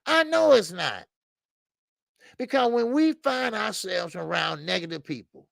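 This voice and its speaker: A man hosting a casual boxing talk stream, animated and profane, rambling through stories, laughing and answering the chat. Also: high voice, creaky, no echo, studio quality. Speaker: boxing talk show host. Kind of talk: casual live-stream commentary.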